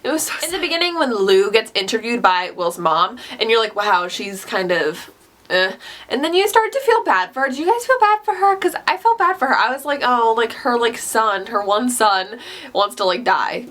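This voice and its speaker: A woman's voice: on the high side, expressive, brisk, fairly bright tone. A young woman talking casually about a book she loved, chatty and gushing, with lots of "like.". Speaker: book vlogger. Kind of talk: casual book review talk.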